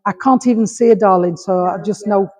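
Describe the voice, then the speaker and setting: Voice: mid-range voice, brisk, a little mellow. A medium from Rotherham with a Yorkshire accent, giving messages to an audience, calling people darling and sweetheart and checking in with "all right?" after almost every thought. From Rotherham, England. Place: village hall. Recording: long reverb of a hall.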